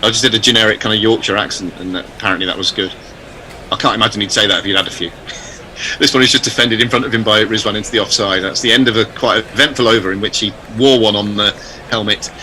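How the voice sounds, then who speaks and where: A man giving chatty, measured ball-by-ball cricket commentary. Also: on the low side, steady tone, bright, forceful tone, a little hiss or hum, rough recording. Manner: measured, chatty, self-deprecating.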